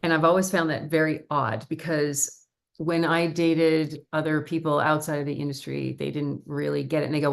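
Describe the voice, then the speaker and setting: A middle-aged actress chatting as a guest in a casual interview, telling stories in a lively, talkative way. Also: female voice, deep voice, normal speed, gravelly. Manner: chatty, animated storyteller with laughs.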